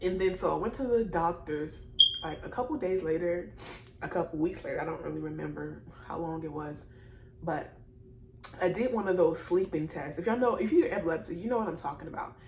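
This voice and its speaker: A woman's voice: fairly low pitch, brisk, dark tone. A young woman in her early twenties telling a personal story to her viewers, rambling and repeating herself, emotional and apologetic. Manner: rambling and repetitive, speaks straight to viewers; emotional, apologizing and laughing through tears. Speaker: vlogger. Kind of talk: casual personal storytelling to camera. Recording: echoey room with faint noise.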